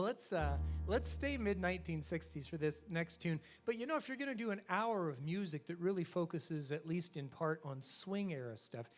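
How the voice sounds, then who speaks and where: A man leading a swing band, telling jokes and chatting with a church concert crowd. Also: a little high. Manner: joking, animated storyteller. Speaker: bandleader and singer. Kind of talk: live stage banter and joke telling. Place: church stage.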